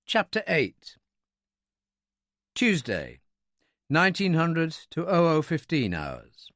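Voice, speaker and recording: A man narrating a wartime thriller audiobook with an expressive, dramatic reading. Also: fairly high pitch, slow, no room sound, clean studio sound. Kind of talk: scripted narration.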